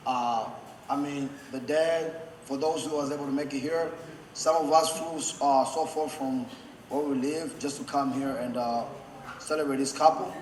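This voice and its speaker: A man giving a best man's toast, choked up and holding back tears, halting with many fillers and restarts. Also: medium pitch, fairly even intonation. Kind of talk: wedding toast. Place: wedding reception hall. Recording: echoey reception hall with faint background noise.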